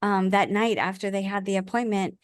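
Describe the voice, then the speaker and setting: Middle-aged woman, podcast guest, heartfelt and earnest, mid pitch, dry recording. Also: fairly quick, smooth, no echo. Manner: earnest, heartfelt, frequent restarts. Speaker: podcast guest, author and life coach. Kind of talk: casual interview conversation.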